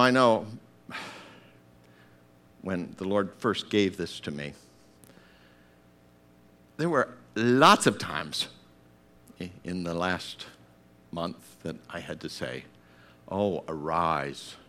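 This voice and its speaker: A male preacher delivering a sermon with a bright, forceful tone. His pitch swings widely while his delivery stays slow and deliberate. He dramatizes scenes by acting out voices and breaking into shouted calls to get up. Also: animated, slight background noise.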